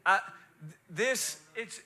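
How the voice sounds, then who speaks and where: A male pastor preaching a sermon in a church, emotional and swinging from soft, confiding talk to shouted fervor. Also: high voice, expressive, slow pace. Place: church sanctuary.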